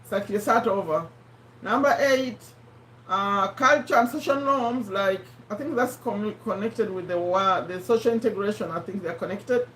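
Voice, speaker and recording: A woman's voice: medium pitch, moderate pace, fairly bright tone, a little hiss or hum. Woman, strained voice, roomy distant sound. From Uganda. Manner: chatty, addresses viewers by name, repeats points. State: strained, failing voice. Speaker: live-stream host. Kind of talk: casual live-stream chat.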